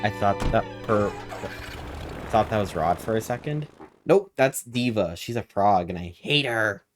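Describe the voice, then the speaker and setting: A man's voice: lowish voice, animated, measured pace. Jokey male game streamer. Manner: playful and jokey, chatting with chat. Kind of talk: casual gameplay commentary. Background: game music.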